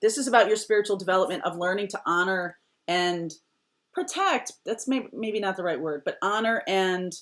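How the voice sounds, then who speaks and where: A woman's voice: medium pitch, moderate pace, fairly bright tone. Emphatic woman giving a tarot reading. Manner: emphatic, repeats short firm phrases; drops to a near whisper at times. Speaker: tarot reader. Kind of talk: casual tarot reading to camera.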